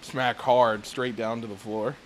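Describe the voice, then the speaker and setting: A man's voice: mid-range voice, level tone, measured pace, slight background noise. A man co-hosting a casual podcast, ranting with constant swearing. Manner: profane ranting, frequent swearing. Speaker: podcast co-host.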